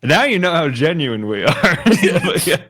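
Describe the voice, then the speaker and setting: A man's voice: a little high, sing-song, measured pace, a bit bright. A man playing in a tabletop game, chatting with a playful, giggly manner. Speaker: player. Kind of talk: casual chat.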